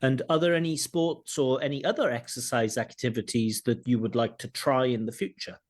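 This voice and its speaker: A man's voice: mid-range voice, steady tone, normal speed. A middle-aged man, an IELTS examiner, explaining a candidate's mistakes in a recorded speaking test review. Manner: explanatory, breaks off to analyse replies. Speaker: IELTS examiner giving feedback.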